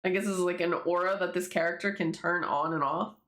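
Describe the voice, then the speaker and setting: A woman's voice: on the low side, steady tone, quick pace, a bit bright. A woman casually rambling through commentary on her own comic, swearing freely and laughing as she goes. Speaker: webtoon creator reading her own comic. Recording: echoey room.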